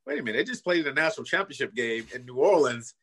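A middle-aged man from California with a bright, forward tone recounts his past as a former football player. He talks earnestly and casually, peppering his story with "you know" and "man," at an everyday pitch. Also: very animated, very fast, breathy edge.

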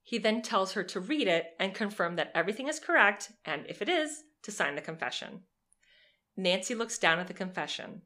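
A young woman co-hosting a podcast, telling a true crime story in a lively, sarcastic way and swearing freely. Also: medium pitch, normal speed. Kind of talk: casual storytelling chat.

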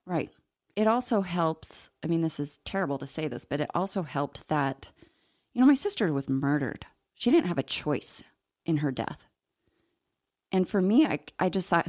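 A woman's voice: sits low, lively intonation, normal speed, a little mellow, no echo, studio quality. A middle-aged woman, an interview guest, telling her personal story in a candid, reflective way with occasional laughs.

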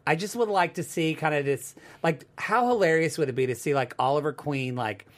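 A man co-hosting a casual TV recap chat, rambling and animated, slipping into quoted voices. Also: fairly high pitch, fairly quick. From United States. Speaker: co-host.

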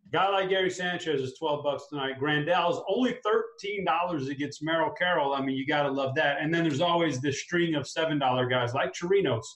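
A man hosting a casual fantasy sports chat, upbeat and talking his picks through out loud. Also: fairly high pitch, a little fast, hardly any pauses, roomy sound, rough recording. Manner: upbeat, talks through a lineup aloud. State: clearing a tickle in his throat. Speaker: fantasy sports show host.

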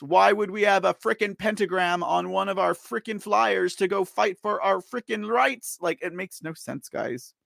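A man's voice: high-pitched, gravelly, fairly bright tone, no echo, studio quality. A man hosting a live online show, ranting with exasperation, laughing often and repeating himself as he talks to his viewers. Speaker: livestream news show host. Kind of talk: ranting live commentary, reading viewer chat.

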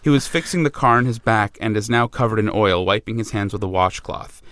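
A man reading the action lines of his own comedy script, with wry deadpan asides. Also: lowish voice, brisk, a little hiss or hum. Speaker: script writer and narrator.

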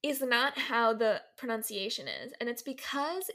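Bubbly woman podcast host, higher voice. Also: expressive, normal speed, bright, forceful tone. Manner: bubbly, laughs often, playful teacher act. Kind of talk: casual storytelling chat.

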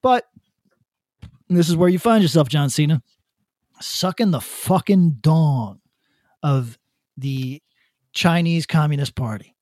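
A man's voice: a little high, darkish tone, no echo, studio quality. Blunt, profane male podcast host. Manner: profane, blunt, halting restarts. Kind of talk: casual opinion rant.

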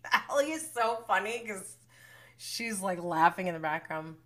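A woman's voice: mid-range voice, measured pace, long pauses, a bit bright. A woman hosting a casual reality TV recap livestream, gossiping, swearing, laughing often and acting out what the cast said. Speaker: recap host.

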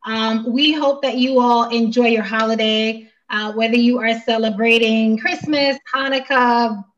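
A woman's voice: a little high, steady tone, a little slow, fairly bright tone, recorded from a distance, dull audio. A woman hosting a casual talk show and chatting easily with her guests. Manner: wraps up the show, chatty and easygoing. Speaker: podcast host. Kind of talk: casual chat.

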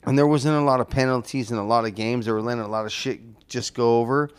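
A man's voice: mid-range voice, fairly even intonation, fast, clean tone. Blunt, cursing male podcast co-host. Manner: blunt and heated, heavy profanity. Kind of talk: casual chat.

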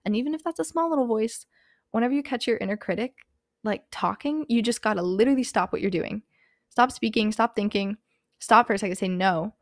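A woman's voice: on the high side, a little fast, dry recording, clean studio sound. A young woman hosting a podcast, talking candidly in casual motivational chat, full of "like" and "um". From Hispanic background, country not said. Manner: candid, frequent fillers, says "like" and "um" often. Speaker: podcast host.

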